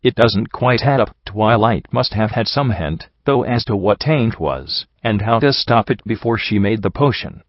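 A man reading a first-person story aloud in a calm, earnest narration. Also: fairly low pitch, normal speed, few pauses, no room sound. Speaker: audiobook narrator. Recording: dull lo-fi, dry.

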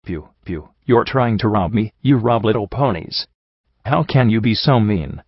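Whiny scheming little unicorn filly , man reading it, kinda low, dull lo-fi sound. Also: animated, measured pace, breathy edge, no room sound, heavily acted. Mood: whining. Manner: whiny, crocodile tears. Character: young female unicorn pony, wheedling cap-hoarding trader.

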